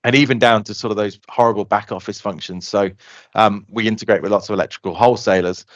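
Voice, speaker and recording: Man, low voice, rapid animated pitch, close dry mic, lo-fi. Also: dry recording. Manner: fast, animated explaining, acts out customer quotes. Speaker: software company guest. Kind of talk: casual podcast interview.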